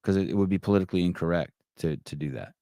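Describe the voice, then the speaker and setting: A brash middle-aged man hosts a live call-in podcast, mocking and profane in casual chat. His low, dark-toned voice comes rapid-fire, recorded clean in a studio with no room sound.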